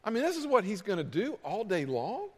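A man's voice: high-pitched, wildly swooping pitch, a little fast, darkish tone, breathy edge, big-room sound, exaggerated voice. A preacher acting out an incredulous older man who scolds his son-in-law. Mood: exasperated. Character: exasperated older man, a visiting father-in-law.

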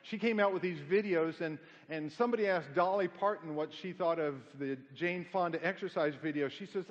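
This middle-aged pastor's sermon moves at a moderate pace, emphatic and full of rhetorical questions alongside folksy, humorous tales. His voice is high for a man, long hall reverb follows his phrases, and the audio sounds dull and lo-fi.

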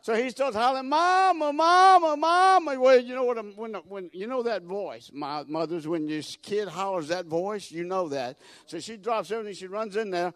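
A man preaching a folksy sermon, repeating words as he builds toward loud, emphatic peaks. His voice sits fairly high. The sound is dry and close, with little room echo. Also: moderate pace, few pauses. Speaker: guest preacher.

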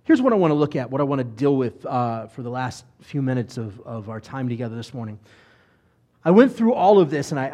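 A man, a rabbi, preaching a conversational sermon full of rhetorical questions and animated retellings. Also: medium pitch.

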